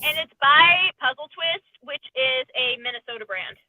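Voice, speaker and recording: Casting note: a playful, teasing woman with a high, animated voice, recorded dull and dry. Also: moderate pace, dry recording. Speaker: guest on a live stream. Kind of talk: casual chat.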